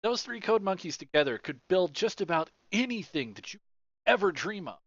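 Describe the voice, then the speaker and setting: A man's voice: sits high, very animated, moderate pace, a bit bright. A man co-hosting a podcast, talking loosely with lots of fillers. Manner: loose, rambling, with frequent "uh" fillers. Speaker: podcast co-host. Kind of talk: casual chat. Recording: dull lo-fi dry sound.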